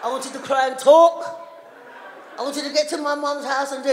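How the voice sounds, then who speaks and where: A middle-aged woman doing a live stand-up routine, loud and chatty with the crowd. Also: high-pitched, fast talker. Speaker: stand-up comedian. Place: large hall on stage before a live audience. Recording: echoey hall, live audience noise.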